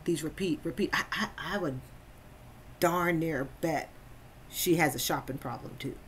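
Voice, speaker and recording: Woman host, lower pitch, emphatic reaction commentator who repeats for stress. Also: a little slow, a little hiss or hum.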